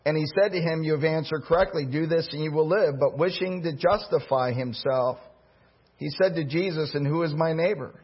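A man's voice: a little high, brisk, breathy edge, lo-fi sound. A man preaching a sermon as pastor and leading a prayer, earnest and emotional, rising in intensity. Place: church.

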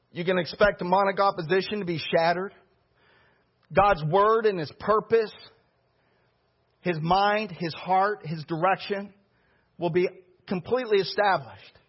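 Husky high-voiced male preacher, lo-fi. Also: unhurried, pauses often. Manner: storytelling preacher, animated and conversational. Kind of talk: sermon. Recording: dull lo-fi recording.

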